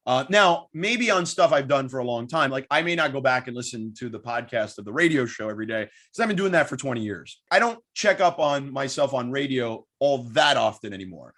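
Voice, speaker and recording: A man, a sports broadcaster guest, telling stories in a quick, animated way in a casual interview. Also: mid-range voice.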